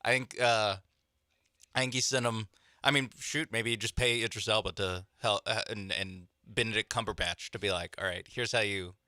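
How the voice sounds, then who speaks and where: A man co-hosting sports talk radio, joking and riffing in quick asides. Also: fairly low pitch, steady tone, bright, forceful tone, no echo, studio quality.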